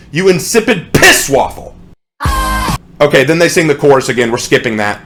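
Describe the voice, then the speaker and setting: Exasperated sarcastic man, lively pitch. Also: normal speed, music in the background. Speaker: song reviewer. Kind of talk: ranting response commentary.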